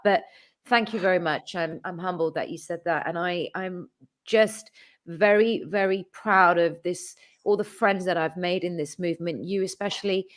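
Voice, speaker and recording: A woman hosting a casual chat, thanking her guest and viewers with feeling and frequent ums and restarts. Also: fairly low pitch. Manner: emotional, warm thanks with many ums and restarts; tearful, calls herself a crybaby. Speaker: host.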